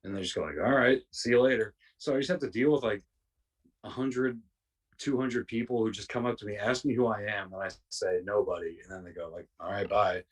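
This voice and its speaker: A man with a low, husky voice tells a rambling, profane story in casual podcast chat. He sits a little back from the mic and drops into quick impressions of the people he describes. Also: far from the mic. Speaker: podcast guest.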